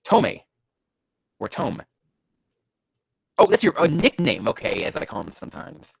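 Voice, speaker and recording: A man's voice: mid-range voice, big pitch swings, normal speed, gravelly, slightly rough, no room sound. A man reading bad fanfiction aloud and tearing into it with profane, exasperated commentary, his nose stuffy from allergies. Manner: sarcastic, profane, exasperated, erupting into yells. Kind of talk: ranting comedic commentary.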